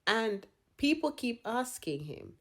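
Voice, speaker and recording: A woman's voice: a little high, big pitch swings, slow pace, fairly bright tone. A young woman doing comedic rants and mock courtroom sentencings with an exasperated, sarcastic delivery. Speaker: comedy content creator.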